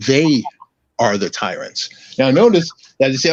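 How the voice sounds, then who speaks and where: A man's voice: medium pitch, big pitch swings, unhurried, slight background noise. A man ranting combatively in a casual political chat as a podcast guest, restarting his phrases often. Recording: dull lo-fi audio, dry.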